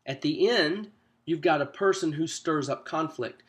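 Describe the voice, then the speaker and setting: A man's voice: on the high side, unhurried, a bit bright. A man coaching church small group leaders in a casual, conversational teaching style, with frequent fillers and restarts.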